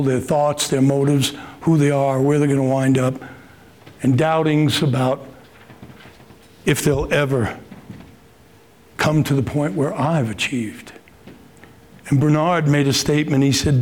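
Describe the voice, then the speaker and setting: A man giving a conversational sermon, speaking earnestly and lifting his voice to stress points and act out prayers. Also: darkish tone. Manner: earnest, rises in pitch for emphasis, acts out prayers. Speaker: preacher.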